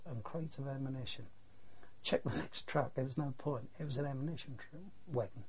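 An older war veteran, interviewed for an oral history, recalls wartime memories in a plain, earthy way with mild swearing. His voice is medium-pitched and mellow with a breathy edge, captured on a dull, lo-fi recording.

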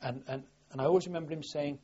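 Husky-voiced older man recounting memories. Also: a little high, fairly even intonation, fast talker, warm tone. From southwest England. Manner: rambling, plain-spoken storytelling with many restarts. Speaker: war veteran interviewee. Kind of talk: oral history recollection. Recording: dull lo-fi archive recording.

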